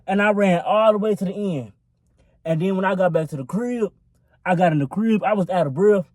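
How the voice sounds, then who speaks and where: A man's voice: sits high, fairly quick, darkish tone, no room sound. A young man telling a storytime vlog into his phone in a rambling, profane, filler-laden way. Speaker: vlogger. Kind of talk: casual storytime.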